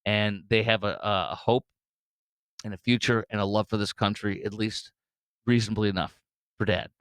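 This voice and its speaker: Male host, opinionated solo commentary, blunt and sarcastic, clear resonant voice, dry studio sound. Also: fairly low pitch, fairly even intonation, moderate pace, a bit bright, no echo. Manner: blunt, mocking, with many fillers and restarts.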